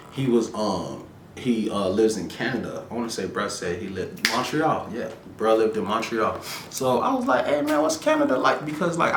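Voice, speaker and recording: Deep-voiced man ranting casually in an echoey room. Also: noisy background. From Florida, USA. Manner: laid-back slangy rant, animated asides. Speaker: podcast host. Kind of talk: casual solo commentary.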